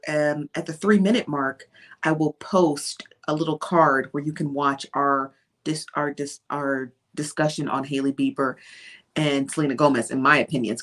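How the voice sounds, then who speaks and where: A woman with a notably low-pitched voice hosts a casual live stream. She chats loosely and greets her viewers one by one by name. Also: a bit bright. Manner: chatty, greets viewers by name, drops into whispers. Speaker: livestream host.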